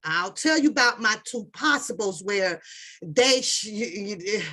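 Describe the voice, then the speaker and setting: A woman's voice: medium pitch, animated, measured pace, bright, forceful tone. A woman hosting a casual livestream, greeting viewers in the chat by name and rambling through her thoughts with restarts. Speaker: livestream host.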